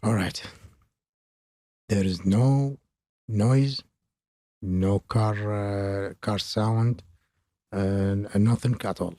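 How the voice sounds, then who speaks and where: A man hosting an audio production tutorial, talking haltingly with many filler pauses as he explains plugins. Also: on the low side, steady tone, dark tone, dry recording, clean studio sound. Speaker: mixing tutorial host.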